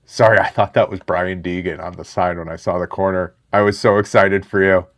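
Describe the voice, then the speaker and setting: A man in his thirties hosting a live card break stream, chatting excitedly with viewers in the chat. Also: sits low, fairly quick.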